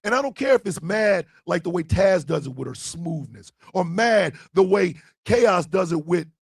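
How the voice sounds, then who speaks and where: A man's voice: high voice, lively intonation, normal speed, gravelly, slightly rough, no room sound, clean studio sound. A man hosting an internet radio livestream, delivering a fiery, emphatic monologue. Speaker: internet radio co-owner and host.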